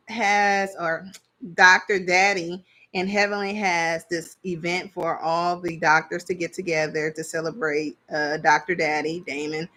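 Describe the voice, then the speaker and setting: An adult mother with a medium-pitched, sharp voice chats bluntly about reality TV. Her casual commentary is full of laughter, and she trails off while trying to recall names.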